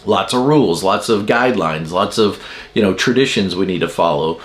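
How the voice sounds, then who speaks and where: A man's voice: low voice, moderate pace. A man giving a casual talk about personality types. He explains patterns with everyday examples and sometimes acts out the people in his stories. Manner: animated storytelling with acted quotes. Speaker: Enneagram teacher.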